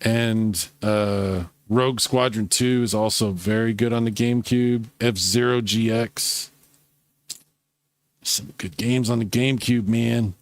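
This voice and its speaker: A man's voice: fairly low pitch, steady tone, takes it slowly, dry recording. A man hosting a casual live gaming stream, chatting and reacting to viewer comments while he plays. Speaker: livestream host.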